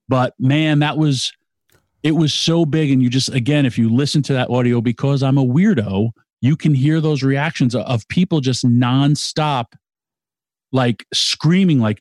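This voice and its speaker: Rambling excitable middle-aged man, podcast co-host, mid-pitched voice, dry close sound. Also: no room sound. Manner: excitable, rambling, quick restarts. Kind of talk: casual wrestling chat.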